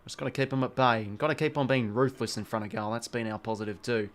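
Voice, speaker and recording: Brief: young Aussie bloke, live stream footy host, casual and excitable, mid-range voice. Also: male voice, mid-range voice, fast talker. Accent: Australian. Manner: casual, excitable, swears, talks to chat viewers. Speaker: livestream host calling a football match. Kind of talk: live watch-along commentary and chat.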